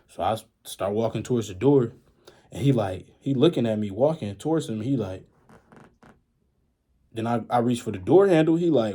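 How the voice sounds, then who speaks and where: A young man in a casual storytime vlog, retelling events in an animated, slangy, dramatic way with a husky voice. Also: lowish voice, normal speed. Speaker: vlogger.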